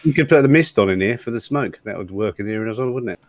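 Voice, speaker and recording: Guy player, lowish voice, talks fast, quick jokes. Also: expressive, crowd noise. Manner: quick jokey asides. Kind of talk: casual tabletop play.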